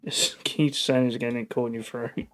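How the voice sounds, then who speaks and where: A man's voice: mid-range voice, fairly even intonation, moderate pace, fairly bright tone. A man chatting casually while streaming a driving game, reacting to messages from his viewers. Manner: chatty, answers chat messages aloud. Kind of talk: casual gameplay chat.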